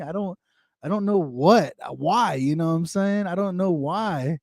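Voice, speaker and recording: A man's voice: high-pitched, a little slow, vocal fry, darkish tone, dry recording, clean studio sound. A man, rambling and repeating himself as he chats casually with livestream viewers and greets them by name. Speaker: livestream host. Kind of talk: casual livestream chat reading viewer comments. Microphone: desktop microphone.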